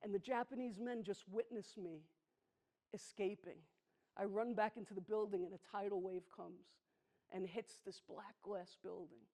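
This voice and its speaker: A woman, performing a personal storytelling monologue on a theatre stage, intimate and emphatic, slowing down on heavy moments. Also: mid-range voice, steady tone, warm tone. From the Bronx, New York. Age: 60s. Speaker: solo performer.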